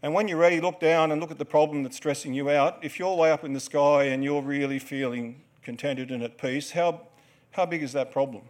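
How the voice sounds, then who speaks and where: An Australian man in his forties talks to a live audience from a stage, his voice sitting a touch high for a man. He tells a story, cracks jokes and coaches the people up front through a dance. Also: fairly even intonation, fairly quick. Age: 40s. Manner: joking, storytelling, instructing a crowd. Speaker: dancer and performer.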